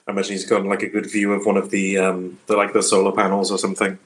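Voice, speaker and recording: Low-voiced man rambling in a game. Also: monotone, very fast. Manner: rambling, filler-heavy. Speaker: player. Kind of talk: casual tabletop game chat.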